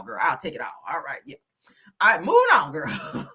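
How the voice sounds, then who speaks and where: A woman's voice: low voice, sing-song, moderate pace, long pauses, husky. A woman hosting a casual comedic livestream, laughing often and swearing, with frequent exclamations to the Lord. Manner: loud, laughing, preachy exclamations and profanity. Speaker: livestream host.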